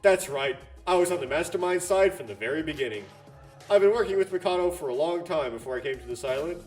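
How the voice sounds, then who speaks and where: A man voicing a cold, resigned young male boxer, flat and detached, with a slightly higher voice and faint game music underneath. The delivery stays mostly close to the performer's own voice. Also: fast talker, close to an everyday voice. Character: male teen boxer, calm killer turned cold.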